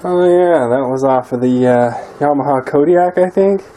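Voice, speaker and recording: A DIY mechanic vlogger works on a quad in his garage, his slightly high, mellow voice moving at a normal pace. He talks casually, muttering and swearing often in frustration.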